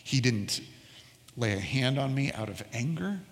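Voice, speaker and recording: A middle-aged male pastor delivers a sermon in a mid-pitched voice, weaving a childhood story into scripture. He slows right down on the words he wants to land. The sound carries a long reverb of a church hall. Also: lively intonation.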